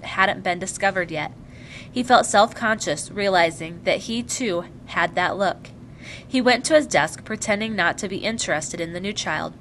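A woman reads a novel aloud in a measured, clear storytelling voice of middling pitch. A faint low rumble runs underneath. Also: a bit bright, low-quality recording. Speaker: audiobook narrator. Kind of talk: scripted narration.

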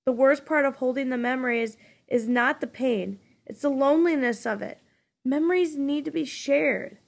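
A woman reading aloud, voicing a weary, sorrowful old male mentor who speaks in a steady, measured way. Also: high-pitched, vocal fry, pitched above the performer's own voice.

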